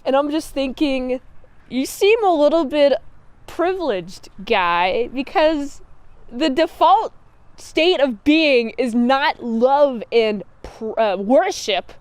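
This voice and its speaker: A woman's voice: high-pitched, sing-song, slow, clean tone, no echo. A young woman casually recapping and reviewing TV episodes, chatty and giggly, with lots of filler words and restarts.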